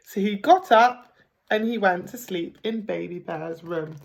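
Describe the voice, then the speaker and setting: A woman teacher reading a picture book aloud to children at a gentle pace, pausing to ask them questions. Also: mid-range voice, creaky. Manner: gentle, slow, asks the listeners questions. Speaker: primary school teacher. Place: home.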